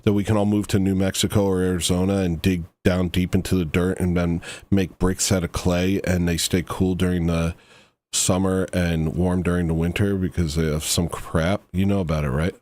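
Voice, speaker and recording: A man's voice: sits low, level tone, moderate pace, a little mellow. A man hosting a livestream, reacting to a video with rambling, mock-serious satirical commentary that trails off into asides.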